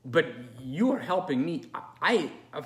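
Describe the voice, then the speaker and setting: A man's voice: fairly high pitch, sing-song, a little slow. Male pastor, earnest and rambling, unscripted address recorded in an echoey room. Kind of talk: unscripted video message.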